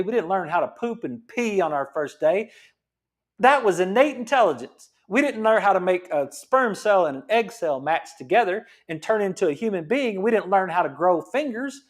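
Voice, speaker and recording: A middle-aged man with a drawl gives a health talk as a chiropractor. His voice sits high for a man and swings up and down with energy. He talks in a fired-up, preachy way, firing off rhetorical questions.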